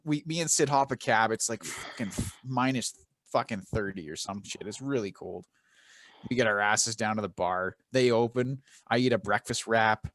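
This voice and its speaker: A man's voice: lowish voice, normal speed, fairly bright tone, no room sound. A man in his thirties with a Canadian accent, co-hosting a podcast and telling rowdy, swear-filled stories in casual chat. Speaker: podcast co-host.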